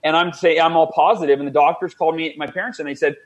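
A man's voice: a little high, dull audio. A man in his forties, a guest author on an interview show, telling a personal story with energy and quoting others as he goes. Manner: energetic, fast storytelling with quoted voices.

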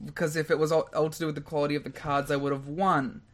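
A man's voice: a little high, little pitch movement, fast talker. A man co-hosting a podcast in casual chat, jokey and playing at mock outrage. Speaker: podcast co-host.

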